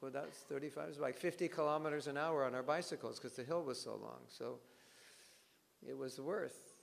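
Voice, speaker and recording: A man giving a devotional scripture class, telling stories in an animated way and acting out bits of dialogue. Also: medium pitch, a little fast, gravelly, in a large hall.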